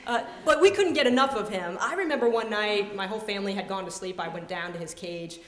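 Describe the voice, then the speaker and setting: A woman in her thirties tells a personal story live, playful and amused at herself. She acts out the voices of the people in it. Her voice is of middling pitch and rings with a long echo in a large hall. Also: fast, a bit bright. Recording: echoey hall.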